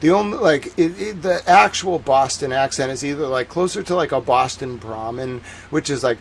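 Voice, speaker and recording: Rambling through his livestream, a Massachusetts-accented host keeps saying "like" as he chats casually. He speaks at a normal speed in a somewhat high voice with vocal fry and few pauses, over a little hiss or hum.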